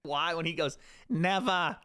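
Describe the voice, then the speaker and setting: A man's voice: a little high, expressive, normal speed, fairly bright tone. A young man hosting a livestream, joking and swearing casually as he talks to his chat. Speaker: streamer host.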